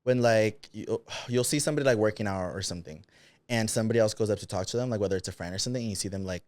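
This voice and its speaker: A man's voice: on the low side, very fast, dry recording. A man co-hosting a podcast, chatting casually, joking and talking with many fillers. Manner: animated, jokey, hesitant with many fillers. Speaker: podcast co-host. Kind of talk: casual chat.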